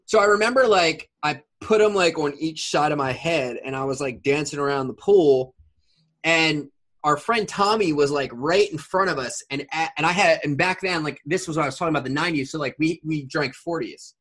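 A man's voice: a little high, a little fast. A man in his forties telling a rambling story in a casual chat, full of fillers. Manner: rambling, filler-heavy, animated retelling.

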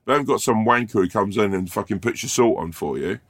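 A man co-hosting a casual podcast, with a very deep, low voice. He rambles and swears freely, and acts out imagined exchanges. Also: fast. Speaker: podcast co-host.

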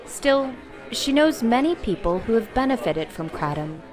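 A woman reporter narrating a scripted news piece in a measured delivery. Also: fairly high pitch, sing-song, over music, crowd noise.

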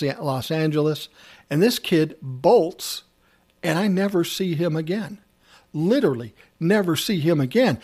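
A man with a slightly high, somewhat mellow voice tells a casual anecdote from his days as a music producer. He acts out the dialogue and swears freely as he spins the story.

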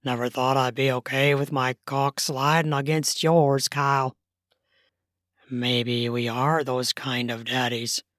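A woman's voice: rumbling low, level tone, slow, no echo, studio quality, voice pushed down. A woman voicing an easygoing, affectionate man in an erotic audio story. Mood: playful.

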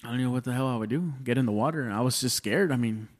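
A man in his thirties with a twang rambles through a story in a relaxed podcast chat. He curses freely, restarts his sentences and keeps tossing in "dude". His voice sits at an ordinary middle pitch. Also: very fast. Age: 30s. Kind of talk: casual chat.

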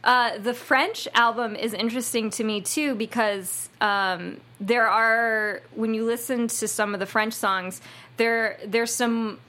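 A chatty American woman with a bright, clear tone, co-hosting a podcast. She talks eagerly and loosely, circling back on her thoughts with plenty of "like" and "um". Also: fairly high pitch. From United States. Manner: chatty, enthusiastic, many fillers and restarts. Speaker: podcast co-host. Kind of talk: casual chat.

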